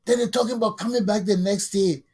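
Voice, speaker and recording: Husky angry man ranting. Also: high-pitched, fairly even intonation, fast talker. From Liberia. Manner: angry, heated, rising to shouting. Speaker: talk show host. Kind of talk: impassioned political monologue.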